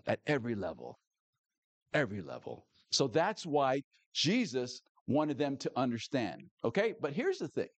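A man preaching a sermon in an animated way, often repeating key phrases and checking in with the congregation. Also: medium pitch, no echo. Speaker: pastor.

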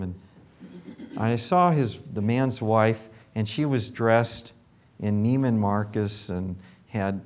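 An older man with a lowish voice tells stories from his dental practice in a relaxed, chatty way. He slips into other people's lines as he acts out quotes. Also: slow. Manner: animated anecdotes with acted quotes. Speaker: dentist. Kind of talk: casual storytelling.

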